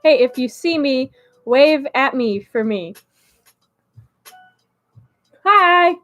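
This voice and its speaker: A woman chats casually on a relaxed live stream, answering her viewers one by one. Her voice sits high, and her manner is bubbly and friendly, with frequent laughter between lines. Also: measured pace, soft background music. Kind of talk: casual chat reading a live chat.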